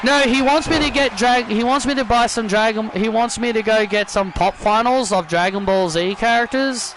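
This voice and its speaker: A man hosting a gaming channel, calling a wrestling video game match as mock play-by-play, excitable, repeating himself and shouting at the big moves. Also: sits high, moderate pace, noisy background.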